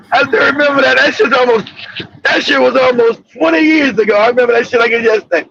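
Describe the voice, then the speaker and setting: A man hosting a casual talk show, telling rambling, profane stories with bursts of shouting. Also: very high voice, fairly quick, vocal fry. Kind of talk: casual storytelling chat. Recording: dull lo-fi audio.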